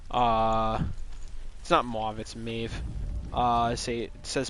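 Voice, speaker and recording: A man's voice: mid-range voice, monotone, extremely slow, pauses often, fairly bright tone, a little hiss or hum. A man streaming a game live, retelling a story in a loose, rambling, joking way with plenty of swearing. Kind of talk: casual live gaming commentary.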